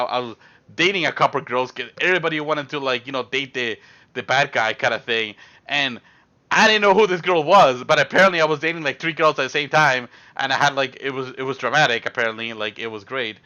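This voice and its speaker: A man's voice: medium pitch, brisk, sharp tone, muffled recording. A young man telling a rambling story on a live stream, with lots of fillers and acted-out quotes.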